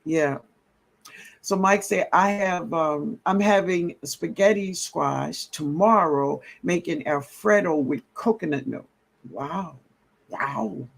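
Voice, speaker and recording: A man hosting a casual gardening livestream, greeting viewers warmly and reading out their comments with a relaxed drawl. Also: fairly high pitch, slow pace, creaky. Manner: drawling, greets viewers as baby, laughs often. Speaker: livestream host. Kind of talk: casual live-stream chat reading comments.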